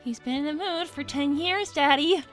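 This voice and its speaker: A woman's voice: high-pitched, normal speed, faint music behind, close to an everyday voice. A woman voicing a young princess who pleads with her rambling father in a live improvised character roleplay. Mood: pleading. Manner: pleading, exasperated. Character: young princess squirrel, exasperated daughter. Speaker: livestream character performer.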